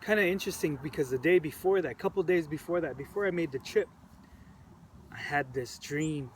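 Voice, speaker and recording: A man recounting events to the camera in an earnest, halting way, repeating phrases, his voice emotional and choked up. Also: on the high side. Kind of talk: personal storytelling to camera. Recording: distant mic with faint background noise.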